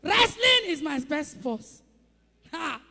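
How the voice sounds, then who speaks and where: A woman's voice: high-pitched, very animated, takes it slowly, creaky, bright, forceful tone, long reverb tail. A woman pastor preaching a sermon with emphatic calls, rhetorical questions to the congregation and acted-out sound effects.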